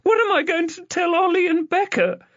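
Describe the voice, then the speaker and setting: A man voicing a distraught adult woman, an anxious sister, in a high, fluttering, tearful voice, in an audiobook. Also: moderate pace, a bit bright, no room sound. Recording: dull, dry lo-fi recording.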